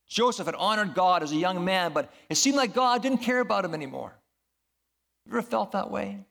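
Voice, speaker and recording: A man's voice: high-pitched, expressive, a little fast, creaky, a bit bright. A man preaching a sermon as a pastor, earnest and building to emphatic peaks.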